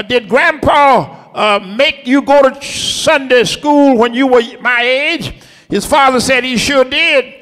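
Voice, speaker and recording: A man preaching a sermon from the pulpit, shouting in a rhythmic, chanting cadence inside a church. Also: extremely high pitch. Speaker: pastor. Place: church sanctuary. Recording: long echoey church hall.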